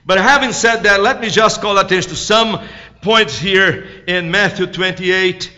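A male guest preacher delivering a sermon in slightly broken English. He moves between loud, emphatic proclaiming and quiet asides. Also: sits high, unhurried. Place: church. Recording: echoey, dull church recording.

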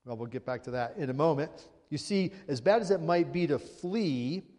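A man's voice: a little high, animated, normal speed, a little mellow, long reverb tail. A male pastor preaching a sermon in a conversational way, reading scripture aloud and asking the congregation rhetorical questions.

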